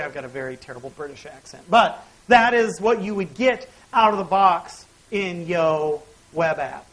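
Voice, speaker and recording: A man's voice: sits high, expressive, a little slow, fairly bright tone, poor audio. A man speaks into a stage microphone at a developer conference, walking the audience through a demo step by step. His delivery is conversational and wry, with small jokes dropped between the explanations. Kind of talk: technical conference talk with live demo.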